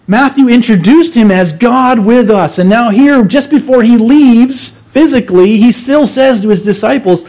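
High-voiced man preaching an earnest sermon. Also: animated, a little slow, darkish tone. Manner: earnest, emphatic teaching with repeated phrases. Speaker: pastor.

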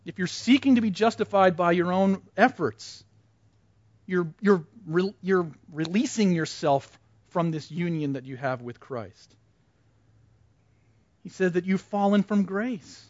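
A man leads a Bible class in a relaxed, conversational way, asking the group questions and echoing back what they answer. His voice sits fairly high. The recording is dull and muffled, with a dry, close sound. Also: a little slow. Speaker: Bible study teacher. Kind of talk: interactive Bible class teaching.

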